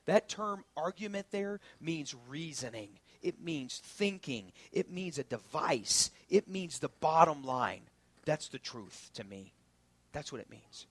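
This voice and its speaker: A man preaching a sermon as pastor, swinging from loud preaching to hushed whispers. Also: a little high, dry recording.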